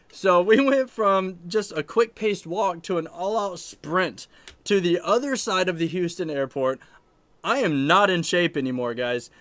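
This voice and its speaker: Animated rambling man streaming from his room. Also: high voice, moderate pace, dry recording. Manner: rambling, animated, laughs often. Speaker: arcade channel host. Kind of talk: casual live-stream storytelling.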